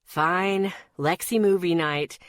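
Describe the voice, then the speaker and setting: A woman's voice: fairly low pitch, slow, no echo, studio quality. A woman voicing an easygoing teenage boy who talks in a casual, offhand way.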